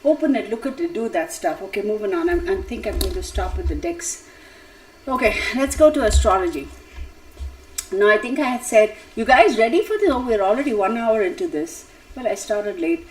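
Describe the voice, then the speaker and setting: Animated and at a moderate pace, a woman with a mid-range voice hosts a tarot live stream on low-quality audio. She talks casually to her viewers, chatters, digresses, and laughs often.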